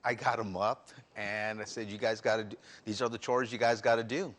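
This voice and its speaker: A man's voice: on the low side, little pitch movement, brisk, a bit bright. A man speaking as a guest on a faith talk show, candidly telling his own story with earnest restarts. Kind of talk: personal testimony in interview.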